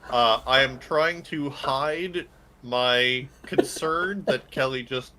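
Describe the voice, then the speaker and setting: Slow, halting man player. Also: medium pitch, pushed and bright, a little hiss or hum. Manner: hesitant, halting. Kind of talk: tabletop play.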